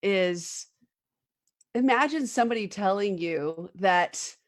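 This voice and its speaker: A woman's voice: mid-range voice, expressive, takes it slowly. A woman hosting a podcast interview, chiming in with enthusiastic, affirming remarks. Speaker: podcast host. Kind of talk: interview conversation.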